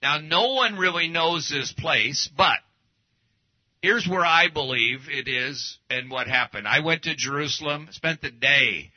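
Folksy man preaching, slightly high voice. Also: animated, a little slow. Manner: folksy, anecdotal, speaks while showing slides. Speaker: pastor. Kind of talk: casual teaching sermon. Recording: dull lo-fi recording.

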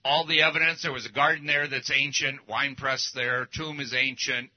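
A man's voice: medium pitch, steady tone, normal speed. A man preaching a casual teaching sermon, folksy and anecdotal, talking through slides as he goes. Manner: folksy, anecdotal, speaks while showing slides. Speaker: pastor. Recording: dull lo-fi recording.

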